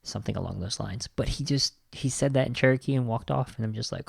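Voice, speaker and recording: Gravelly-voiced enthusiastic male podcast host. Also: mid-range voice, fast talker, no room sound, studio quality. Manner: enthusiastic, heavy use of "like" and "you know". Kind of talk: casual podcast commentary.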